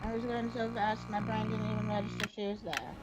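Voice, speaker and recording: A woman playing along in a game stream, chatting quickly and planning her moves aloud. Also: medium pitch, level tone, very noisy. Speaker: co-player. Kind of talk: casual gameplay chat.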